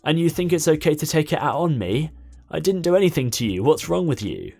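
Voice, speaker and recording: A man's voice: fairly low pitch, lively intonation, moderate pace, soft background music. A man voicing an anxious teenage shop assistant who talks in a flustered, pleading way. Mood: upset.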